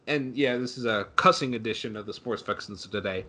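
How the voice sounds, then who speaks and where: A man's voice: fairly low pitch, fairly quick, sharp tone, husky. Young man, podcast co-host, sarcastic, ranting, cussing, casual sports chat. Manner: sarcastic, ranting, swears freely.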